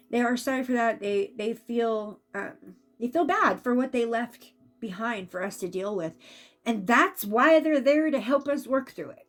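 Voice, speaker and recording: A woman giving a casual spiritual reading as an intuitive reader, chatty and animated when she acts out what spirits say. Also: on the high side.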